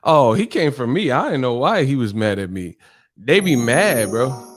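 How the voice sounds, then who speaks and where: A man's voice: mid-range voice, big pitch swings, moderate pace, a little hiss or hum. A man hosting a live stream, ranting casually in a profane, exasperated way and laughing often. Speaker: streamer host.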